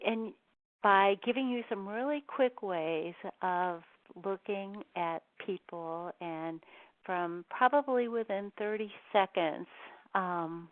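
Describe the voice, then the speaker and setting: A woman giving a webinar presentation in a conversational way, with many ums and restarts. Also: mid-range voice. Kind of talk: presentation on communication styles. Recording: tinny phone-line audio.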